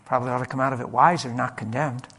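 Fast-talking and husky at medium pitch, a pastor relates a ministry story within his sermon. His delivery is animated and emphatic, rising loud and dropping soft.

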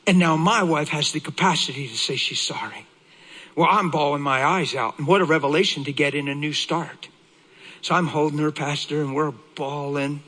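Forceful, husky-voiced preacher man. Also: a little high, normal speed, rough recording. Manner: emotional, animated storytelling. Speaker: pastor. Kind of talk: sermon testimony.

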